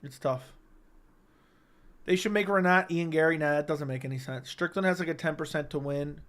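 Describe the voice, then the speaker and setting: A man's voice: fairly high pitch, normal speed, fairly bright tone. A young man hosting a casual livestream, telling stories animatedly with frequent swearing and "right?" asides. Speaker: livestream host.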